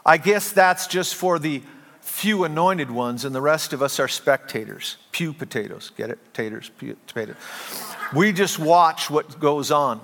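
Joking pastor in a reverberant church. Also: male voice, a little high, expressive, a little slow, fairly bright tone. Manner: humorous storytelling, self-deprecating asides. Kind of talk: sermon. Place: church sanctuary.

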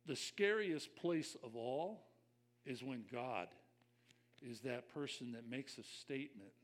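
A man's voice: medium pitch, expressive, slow pace. An older man preaching a conversational sermon as a pastor, reflective and personal, speaking straight to his listeners.

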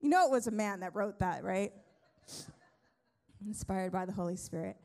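A woman pastor giving a lively, conversational sermon, joking and restarting her sentences. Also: mid-range voice, normal speed, creaky. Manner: lively, conversational preaching with humor and many restarts.

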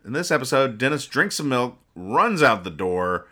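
Man, podcast host, reading comics aloud, dry deadpan joking, bright tone, stumbles and restarts. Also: medium pitch, moderate pace. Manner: dry, mock-serious joking with frequent restarts. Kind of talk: casual comedic chat.

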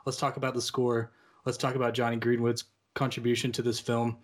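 A man's voice: mid-range voice, monotone, a little fast. Easygoing man steering a film chat. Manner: agreeable, steers the conversation. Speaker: podcast co-host. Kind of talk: casual film discussion.

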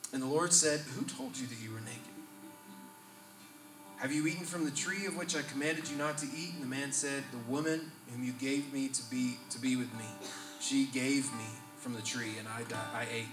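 A man preaching a sermon to a live gathering. He reads scripture aloud and builds to loud, emphatic peaks. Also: mid-range voice. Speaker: pastor. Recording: roomy hall, distant mic, live guitar behind. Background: soft guitar playing.

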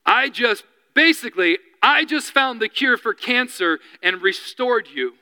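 Guy preaching a sermon, high bright piercing voice, earnest and fired up, lots of hall reverb. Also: normal speed, few pauses. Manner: earnest, building to impassioned appeals. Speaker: pastor.

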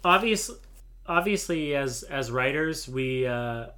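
A writer co-hosts a casual podcast, with wry remarks and frequent laughter. The voice sounds bright and crisp. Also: medium pitch, animated, slow. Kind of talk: casual chat about the Oscars.

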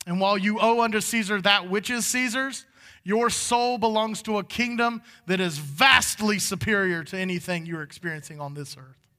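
A man preaches from the pulpit in a loose, folksy way that rises into fervor. His voice sits high and rings bright and forceful. A long reverb trails his words through the church hall. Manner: folksy, conversational preaching that builds to fervent. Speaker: pastor. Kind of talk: sermon. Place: church sanctuary.

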